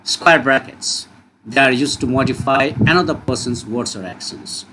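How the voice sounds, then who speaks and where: A man teaching a lesson, explaining with an expressive delivery and frequent rhetorical questions. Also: medium pitch, normal speed. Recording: noisy recording with steady background noise.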